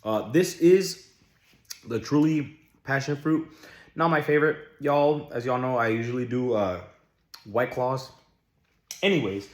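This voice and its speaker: Blunt, profane young man in an echoey room. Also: medium pitch. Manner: blunt and profane, with many rhetorical questions. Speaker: vlogger. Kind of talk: casual relationship-advice vlog.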